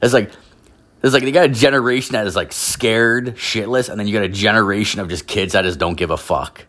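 A man's voice: lowish voice, a little fast, fairly bright tone. A man ranting casually, rambling with constant filler words and heavy swearing. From Canada. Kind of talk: profane casual rant.

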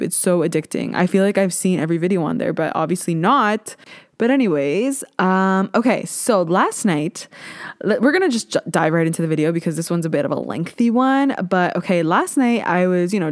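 A woman's voice: lowish voice, no echo, clean studio sound. A young woman from Ontario hosting her own podcast, chatting candidly and mocking herself, with the odd swear word. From Ontario, Canada. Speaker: podcast host. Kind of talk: casual solo podcast chat.

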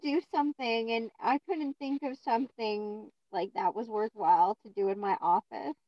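A woman co-hosting a podcast, telling funny stories in a relaxed, chatty way. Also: on the high side, normal speed, no room sound, dull audio. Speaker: podcast co-host. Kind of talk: casual chat.

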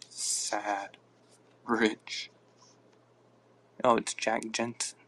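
A man's voice: on the low side, fairly even intonation, unhurried, pauses often, a bit bright, slight background noise. A man hosting a casual live podcast on his phone, rambling and reacting aloud to listener comments. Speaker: podcast host.

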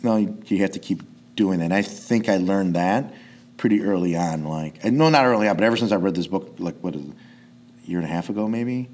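A man's voice: sits low, fairly quick, a little mellow. A man who coaches jiu-jitsu, chatting casually on a podcast, rambling and swearing, restarting his sentences often.

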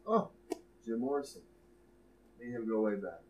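A man voicing a calm, businesslike dark elf gang boss behind a desk. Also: on the low side, normal speed, roomy sound, natural voice, low-quality recording.

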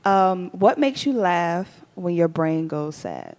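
A woman hosting a relaxed studio talk show, speaking in a slightly low voice. She is chatty and breaks into laughter often. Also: takes it slowly. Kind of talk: casual chat.

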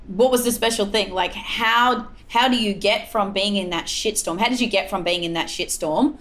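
A woman's voice: mid-range voice, moderate pace, hardly any pauses, a bit bright. Aussie woman hosting, blunt probing questions, casual. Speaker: podcast host. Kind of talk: interviewing, casual chat.

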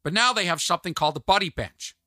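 Male podcast host, animated comic rant, bright edge, dead-dry sound. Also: high voice, fast talker, no room sound. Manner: animated, ranting, mimics others in asides. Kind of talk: comedic solo podcast monologue. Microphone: podcast mic on video.

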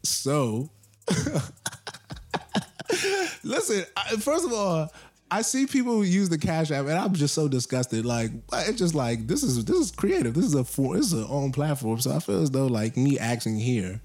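Animated young man ranting casually. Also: on the high side, normal speed. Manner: rambling, joking, animated rants. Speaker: podcast co-host. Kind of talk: casual chat.

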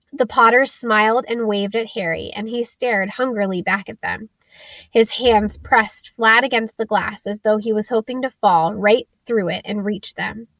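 A woman narrating an audiobook chapter in a gentle, steady storytelling voice. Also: medium pitch, dry recording. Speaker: audiobook reader.

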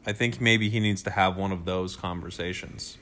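A man talks through a relationship question in a loose, casual chat, his voice sitting a little on the low side. He rambles and jokes and often breaks into laughter. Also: steady tone, moderate pace, fairly bright tone, a little hiss or hum. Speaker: podcast co-host.

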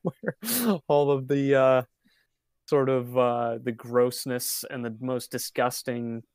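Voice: mid-range voice, slow, a little mellow, clear, resonant tone, dry recording, studio quality. A podcast co-host in casual chat, hesitant with many fillers and often breaking into laughter. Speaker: podcast co-host reviewing an album.

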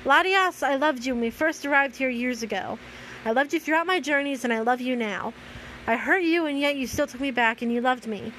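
Woman reading an earnest young man in fan fiction, high and plain. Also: brisk, a bit bright, a little hiss or hum, poor audio. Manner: read aloud plainly, with stumbles.

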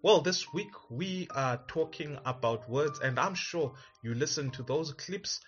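A man's voice: a little high, expressive, unhurried. A man hosting a family-life podcast, opening with a formal, friendly greeting, in a muffled recording with faint music. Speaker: podcast host. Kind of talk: scripted podcast intro.

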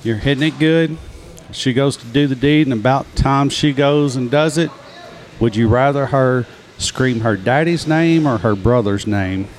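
A man as a podcast guest, posing questions with a teasing, deadpan delivery. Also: medium pitch, unhurried. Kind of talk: casual chat.

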